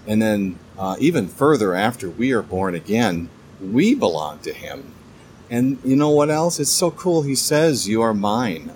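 A man giving a casual devotional Bible talk, enthusiastic but halting, often stammering and restarting his sentences. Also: fairly low pitch, a little hiss or hum. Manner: enthusiastic, keeps calling things cool. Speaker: Bible teacher.

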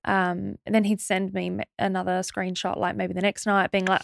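Animated woman with vocal fry. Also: mid-range voice. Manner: animated, rapid retelling with fillers and restarts. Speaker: podcast guest. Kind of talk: casual storytelling interview.

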